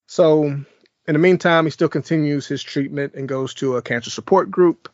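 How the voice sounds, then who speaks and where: A man's voice: a little high, brisk, dry recording. Chill guy going over a movie plot, dry dull mic, mid voice. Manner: laid-back, chuckling, recapping plot. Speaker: podcast host. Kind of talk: casual movie review.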